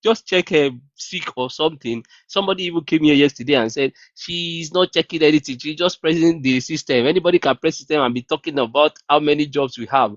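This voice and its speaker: A man hosting a casual livestream, talking in an animated, incredulous way and often mimicking others in a raised voice. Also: fairly high pitch, fairly quick, hardly any pauses, no echo, highs cut off. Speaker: livestream host. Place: New Zealand.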